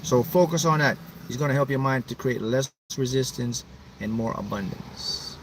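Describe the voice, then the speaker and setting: A man's voice: mid-range voice, moderate pace, a little hiss or hum. A man hosting a motivational livestream, talking emphatically and repeating himself to pump up his viewers. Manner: emphatic, repetitive, pumping up viewers. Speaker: manifesting coach hosting a livestream.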